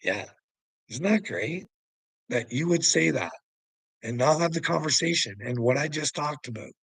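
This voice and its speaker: A man's voice: a little high, expressive, normal speed, creaky, fairly bright tone, breathy edge, no echo. A man ranting at the camera in a taunting, profane way, laughing often between lines. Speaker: vlogger. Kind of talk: mocking rant to the camera.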